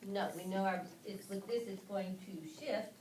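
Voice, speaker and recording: A woman's voice: medium pitch, steady tone, normal speed, darkish tone. A woman leading a phonics lesson for teachers, patient and questioning as she walks through each step. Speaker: teacher trainer. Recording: echoey room from far off, background noise.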